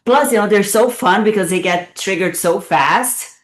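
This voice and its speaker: A woman's voice: medium pitch, normal speed, recorded from a distance. A woman leading a live online workout class, playful and encouraging, cheering her students on and getting out of breath. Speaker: fitness instructor. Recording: echoey room, voice from afar.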